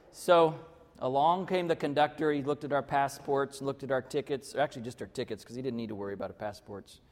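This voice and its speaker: A man's voice: on the high side, fast talker. A male pastor preaching a conversational, story-led sermon full of restarts. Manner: conversational, with many restarts and fillers. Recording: long reverb of a large hall.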